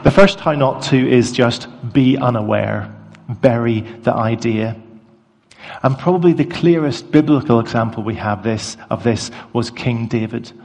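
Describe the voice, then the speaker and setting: Gravelly man preaching in a reverberant hall. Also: mid-range voice, a little mellow. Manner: conversational, self-deprecating, with short pauses and fillers. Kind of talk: sermon.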